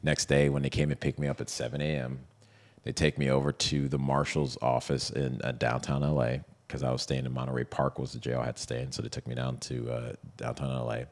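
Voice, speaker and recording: Very deep gravelly man telling a story. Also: fairly quick. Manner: animated, retells scenes with quoted voices. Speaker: interview guest. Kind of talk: casual storytelling interview.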